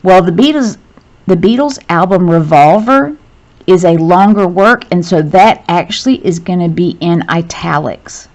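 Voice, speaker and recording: A woman's voice: on the low side, darkish tone. A woman teacher explaining grammar rules step by step, patiently correcting herself as she goes. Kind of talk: grammar lesson narration. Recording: dull lo-fi sound.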